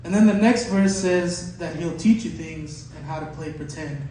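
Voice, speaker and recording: A man doing a stand-up bit, excitable and working himself into mock panic. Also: a little high, moderate pace, a little hiss or hum. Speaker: stand-up comic. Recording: echoey room from a distance.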